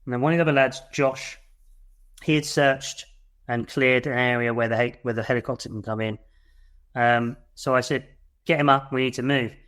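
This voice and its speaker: Blunt ex-soldier telling a war story. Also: male voice, medium pitch, little pitch movement, moderate pace, smooth. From United Kingdom. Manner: blunt and swearing, re-enacts his shouts. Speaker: military veteran guest.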